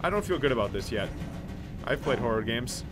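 A man playing a horror game, excitably joking and shouting at the monsters in a let's play commentary. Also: medium pitch, brisk. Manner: excitable, yelling at enemies, joking. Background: game music and sound effects.

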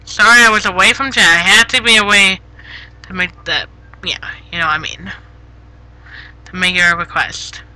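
A woman streaming live on a headset, chatting casually with viewers, giggly and easily flustered, gently scolding chat when it gets rude. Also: mid-range voice, steady tone, normal speed, pauses often, low-quality recording. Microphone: gaming headset.

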